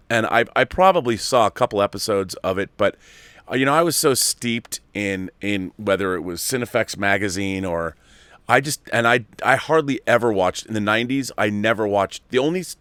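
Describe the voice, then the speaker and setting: Smooth-voiced man chatting casually. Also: fairly low pitch, fairly bright tone, no echo. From Seattle area. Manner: rambling, nostalgic, restarts often. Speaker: show host reading viewer questions. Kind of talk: casual live-stream chat.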